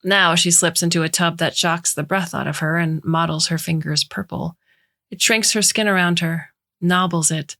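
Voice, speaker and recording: A woman narrating a short story in a measured, even way. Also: lowish voice.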